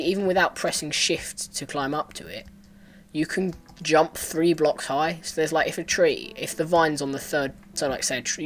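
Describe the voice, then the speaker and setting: A man's voice: fairly high pitch, a bit bright. A man giving casual commentary while playing a parkour game, talking to himself with sudden frustrated outbursts. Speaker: gaming let's player.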